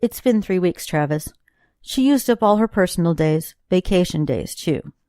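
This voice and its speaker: A woman voicing a calm, apologetic office manager in an audiobook, measured and polite. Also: fairly low pitch, no echo, studio quality, natural voice.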